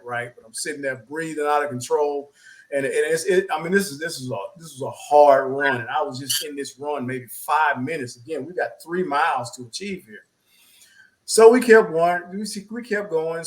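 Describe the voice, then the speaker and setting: A man's voice: on the high side, low-quality recording. A man with a somewhat raised, light voice tells a story in a loose, chatty way. He repeats himself as he goes and acts out what people said. He sounds like a co-host sharing experience with listeners. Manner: animated storyteller, repeats words, acts out quotes. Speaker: podcast co-host. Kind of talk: casual storytelling chat.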